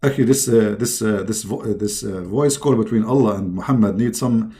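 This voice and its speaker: A man giving mocking commentary in a halting delivery with many fillers. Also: lowish voice, mellow. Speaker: religious debate streamer.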